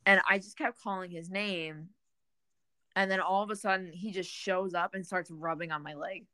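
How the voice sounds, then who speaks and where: Low-voiced young woman telling a story. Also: normal speed, no room sound. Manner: relaxed storytelling, many fillers. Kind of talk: casual chat.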